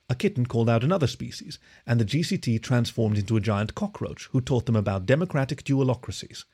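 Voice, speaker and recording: A man reading a story aloud as narrator, in an expressive, animated way. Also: mid-range voice, creaky, breathy edge. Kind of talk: scripted narration.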